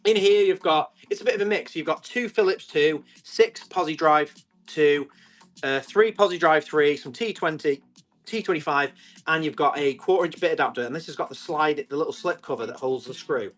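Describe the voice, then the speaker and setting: A man, selling tools on a live stream, chatty and quick to describe each item and call out the bids. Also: fairly high pitch, soft background music. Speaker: live auction seller.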